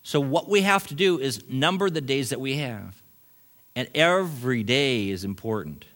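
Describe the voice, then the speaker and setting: A middle-aged man, a pastor, preaching a sermon in a church, animated and shifting between loud emphatic points and quiet asides, with brief chuckles. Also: medium pitch, normal speed. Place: church sanctuary.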